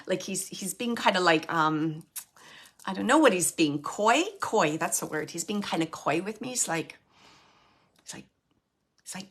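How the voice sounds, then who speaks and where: A woman works as a medium, giving readings to an audience member. Her voice is bright and forward, and she talks in stops and starts, with plenty of fillers, as she relays what she hears. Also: on the low side, expressive, breathy edge. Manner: halting, filler-heavy, relays spirit's words.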